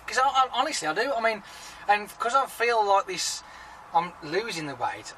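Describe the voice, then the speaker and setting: A man's voice: a little high, sharp tone, recorded from a distance, a little hiss or hum, rough recording. A man chatting casually to his viewers in a rambling, sweary vlog, talking freely. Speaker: vlogger.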